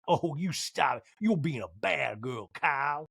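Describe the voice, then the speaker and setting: A man doing a slow drawling prim woman. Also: fairly high pitch, animated, gravelly, fairly bright tone, slightly rough, no echo, studio quality, full character voice.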